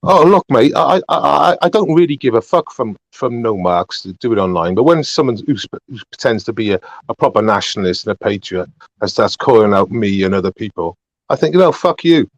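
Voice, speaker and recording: A man's voice: mid-range voice, expressive, fairly quick, no room sound. A man from Wales hosting a livestream call, blunt and sarcastic, stammering when riled. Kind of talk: heated casual argument.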